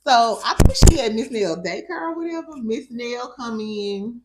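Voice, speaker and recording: A woman's voice: fairly high pitch, animated, moderate pace, heavy background noise. A woman with a St. hosting a casual recap of a reality show, sassy and profane, laughing often. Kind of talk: casual reaction commentary.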